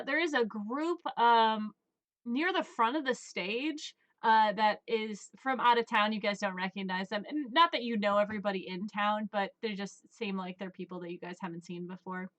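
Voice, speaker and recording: A woman's voice: a little high, a bit bright. A woman narrating a tabletop game as game master, chatty, with many fillers and laughs.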